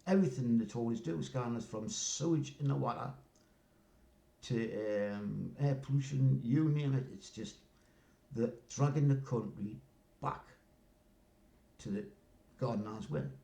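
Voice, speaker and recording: A man's voice: medium pitch, unhurried, vocal fry, mellow. An older man, rambling through a casual story and often asking "you know what I mean". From North East England. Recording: roomy echo.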